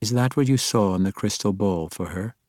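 A man voicing Malice, an icy dark elf matriarch. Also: fairly low pitch, fairly quick, no echo, studio quality, natural voice. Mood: commanding. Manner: icy, commanding, quietly threatening. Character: imperious female dark elf matriarch, cold and menacing. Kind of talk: audiobook character voice.

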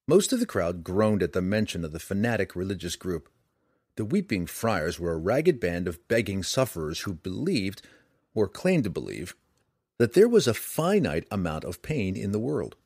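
A man reading a fantasy novel aloud with dramatic, expressive narration. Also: low-pitched, normal speed, husky, no room sound, studio quality. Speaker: audiobook narrator.

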